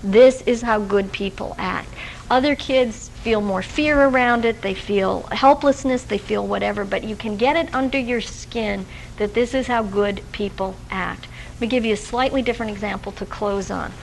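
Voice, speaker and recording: A woman's voice: medium pitch, normal speed, gravelly, slight background noise, poor audio. A woman presenting a workshop lecture to social workers, talking in a conversational way with fillers and restarts. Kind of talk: recorded workshop lecture with personal anecdotes. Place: lecture room with a live audience.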